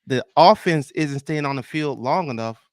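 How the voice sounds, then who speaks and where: A man hosting a casual sports podcast, talking in an animated way, exclaiming and restarting often. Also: fairly high pitch, moderate pace, dry recording. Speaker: podcast host.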